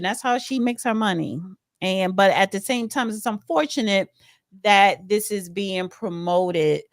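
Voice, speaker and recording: A woman's voice: medium pitch, no echo. Chatty woman co-host, dry sound. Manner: chatty, restarts her sentences. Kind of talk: casual talk show chat.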